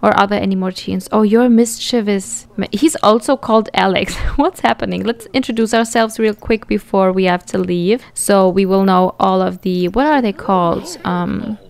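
A woman hosting a let's play, giving casual, rambling and excitable commentary as she plays. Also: mid-range voice, normal speed, vocal fry, few pauses.

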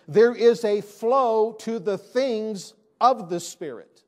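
A man's voice: sits high, slow, hardly any pauses, darkish tone. A male pastor preaching a sermon in a church, emphatic and repeating his key phrases. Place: church sanctuary.

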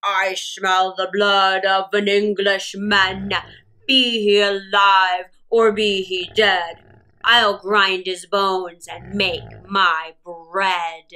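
A woman voicing a huge, fearsome male giant who chants slowly and loudly in a storybook reading. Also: flat delivery, clean tone, low-quality recording. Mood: menacing. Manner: slow, booming chant.

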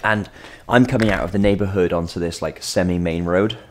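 Fields: man, deep voice, rambling storyteller. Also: fairly even intonation, brisk, slight background noise. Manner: rambling, self-deprecating anecdote with asides and jokes. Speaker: vlogger. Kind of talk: casual storytelling vlog.

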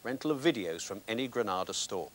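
Sardonic British film reviewer. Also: male voice, lowish voice, expressive, quick pace, slight background noise. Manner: dry, sardonic wit. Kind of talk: scripted film review presenting.

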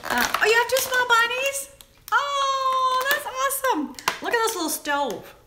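A woman hosting a casual live chat, reading viewer comments aloud and gasping and squealing over small toys. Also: a little slow. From Southern United States. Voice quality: giggly, exclamatory, high and animated. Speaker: live stream host.

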